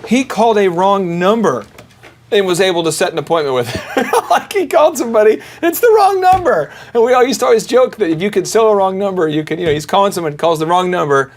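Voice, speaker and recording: A man's voice: sits high, fast. A man hosting a business podcast, telling sales stories in casual chat and acting out the people he quotes. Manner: animated storyteller, acts out quoted callers. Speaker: podcast host.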